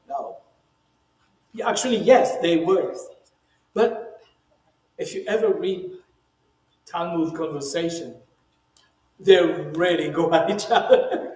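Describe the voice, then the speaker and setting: Emphatic rabbi, slightly high, roomy echo. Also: male voice, a little mellow. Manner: emphatic, reads quoted speech in a raised voice, many "you know" asides. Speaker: rabbi teaching the weekly Torah portion. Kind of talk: conversational Bible teaching.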